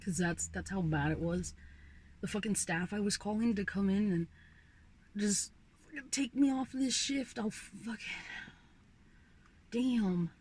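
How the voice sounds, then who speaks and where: A woman's voice: mid-range voice, measured pace, pauses often, darkish tone, slight background noise. Profane young woman ranting casually. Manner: profane, ranting, sighs often. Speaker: vlogger. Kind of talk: casual rant.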